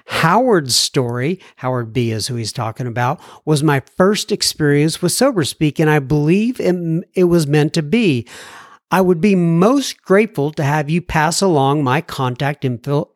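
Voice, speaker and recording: A man's voice: fairly high pitch, no echo, clean studio sound. A man hosting a recovery podcast, reading listener mail with folksy asides, little jokes and frequent ums and self-corrections. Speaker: podcast host.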